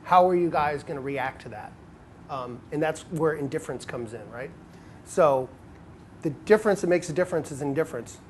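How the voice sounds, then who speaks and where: A man coaching other men on dating, telling stories and acting out quoted lines in a casual, animated way. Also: a little high, normal speed, slight background noise. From United States.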